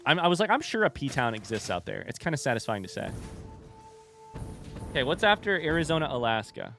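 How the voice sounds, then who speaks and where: A young man from the United States chatting casually while playing a game on a livestream, thinking out loud in a rambling, distracted, self-deprecating way. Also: medium pitch, big pitch swings, fairly quick, vocal fry, soft background music. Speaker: streamer.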